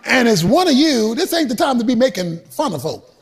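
Preacher guy w a really high voice, shouty and singsongy, cracks folksy jokes. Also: sing-song, brisk. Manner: emphatic, shouted preaching with a sing-song cadence; humorous, folksy asides. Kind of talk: sermon.

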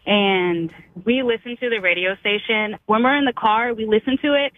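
A woman's voice: a little high, normal speed, no echo. A woman in her thirties, a mother calling in to a radio show, telling a heartfelt story in a rambling, emotional way with many restarts. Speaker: caller. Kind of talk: call-in testimony. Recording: tinny phone line.

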